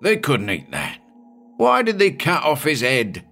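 A nervous ship's mate blurts his fears in agitated bursts, as a male narrator puts him on. The voice stays low with a soft music bed behind it. It belongs to a story reading. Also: animated, normal speed. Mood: horrified. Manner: hysterical, agitated protests. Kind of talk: audiobook character reading.

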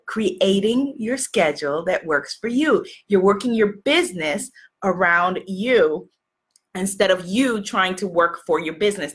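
A woman's voice: medium pitch, husky. A woman business coach chatting casually to her audience, rambling with many fillers and restarts.

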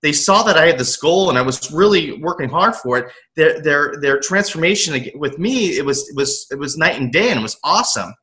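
A man's voice: fairly high pitch, lively intonation, brisk, hardly any pauses, sharp tone, low-quality recording. A man telling his personal story as an interview guest, earnest, acting out his younger self as he recalls it. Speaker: guest, aspiring motivational coach.

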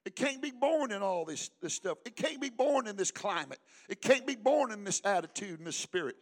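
An older male pastor, preaching a sermon with call-and-response, swinging from hushed talk to shouting. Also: sits high, expressive, a little fast.

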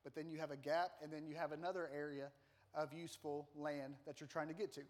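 A man preaches to his congregation, spinning a lively and self-deprecating story with plenty of humor. His voice sits fairly high for a man. He speaks like a pastor used to holding a room. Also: fast. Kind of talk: sermon with personal story.

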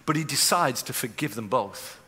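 A man preaching a sermon as pastor, moving from quiet storytelling to impassioned preaching in a church auditorium. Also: medium pitch, animated, normal speed, husky. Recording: long reverb of a large hall.

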